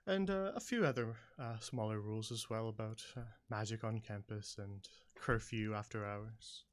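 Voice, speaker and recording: A man voicing a courteous college staff guide who explains campus rules with many pauses. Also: lowish voice, lightly acted. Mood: explaining.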